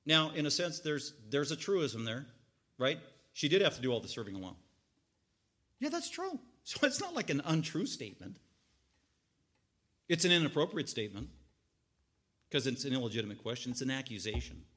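A man preaching an expository sermon, acting out the people in the story and swinging from quiet explaining to loud, animated outbursts. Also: medium pitch, normal speed, long pauses. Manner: animated, acts out voices, rising to loud outbursts. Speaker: pastor.

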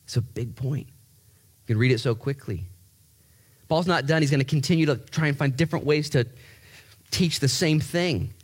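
A man preaching a sermon in a lively, joking way, repeating words and jumping up in pitch to stress a point. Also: normal speed, pauses often, slightly rough. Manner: animated, jokey, repeats himself, voice jumps high for emphasis. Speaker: pastor.

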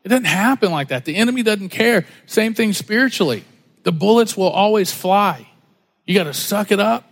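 High-voiced man preaching a folksy sermon. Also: animated, normal speed, a bit bright. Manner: folksy storytelling, acts out quoted voices. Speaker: pastor. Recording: long hall reverb.

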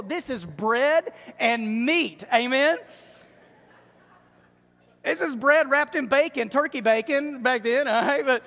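A pastor preaching a lively sermon with joking asides, often acting out other people's voices. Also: male voice, extremely high pitch, unhurried. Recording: long hall reverb.

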